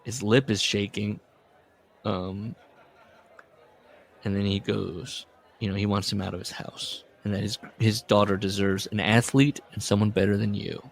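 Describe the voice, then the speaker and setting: A man hosting a casual podcast book discussion, recapping and reading passages with lively put-on voices. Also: on the low side, measured pace, vocal fry. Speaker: podcast host.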